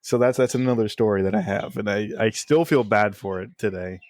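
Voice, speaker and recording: A man, a guest on a casual podcast, candidly telling personal stories and getting animated as he retells them. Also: fairly low pitch, fairly quick, dry recording, clean studio sound. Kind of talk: casual storytelling.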